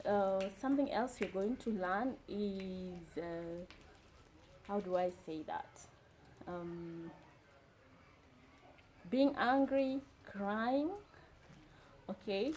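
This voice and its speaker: A woman from Kenya teaching a slow beginner language lesson, repeating each phrase carefully. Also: mid-range voice, a little mellow, a little hiss or hum, poor audio. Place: indoors during heavy rain. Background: rain.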